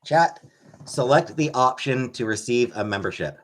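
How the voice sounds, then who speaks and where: A man's voice: mid-range voice, lively intonation, moderate pace, fairly bright tone. Guy doing a chill home livestream, voice bouncing all over, chatting w/ viewers. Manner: rambling, thanks chatters by name, baby-talks to his pet. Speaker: livestream host. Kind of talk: casual livestream chat reading comments.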